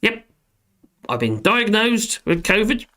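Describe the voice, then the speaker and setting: Lively man, rambling live chat. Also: high voice, slow, slight background noise. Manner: rambling, jokey, self-deprecating, chuckles often. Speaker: live stream host reading chat. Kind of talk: casual live stream chat.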